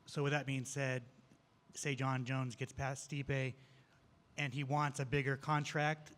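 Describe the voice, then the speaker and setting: A man's voice: mid-range voice, little pitch movement, unhurried, fairly bright tone. Guy reporter, kinda hesitant, restarts his questions. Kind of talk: press questions.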